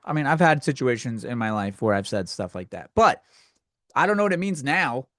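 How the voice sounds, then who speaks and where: A man's voice: mid-range voice, big pitch swings, a little fast, fairly bright tone, dry recording, studio quality. A man hosting a solo comedy podcast, ranting crudely and rambling, acting out the people in his stories. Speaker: podcast host.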